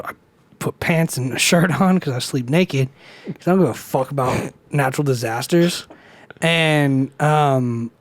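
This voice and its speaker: A young man with a slightly higher voice, chatting on a casual podcast. He rambles through a story, swears freely and acts out the people he quotes. The sound is close and dry. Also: no room sound. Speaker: podcast co-host. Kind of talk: casual chat.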